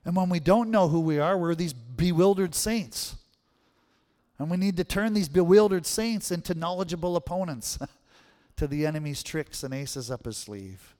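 A man's voice: a little high, a little mellow, long reverb tail. A male pastor giving a sermon in a conversational way, often checking in with the congregation. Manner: conversational preaching, frequent "right?" check-ins. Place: church sanctuary.

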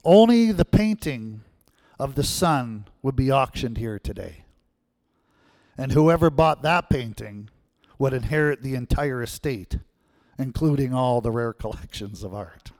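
A man voicing an insistent male auctioneer who keeps pressing a room for bids in a loud, raised voice. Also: mid-range voice, animated, measured pace, dry recording. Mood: apologetic, formal.

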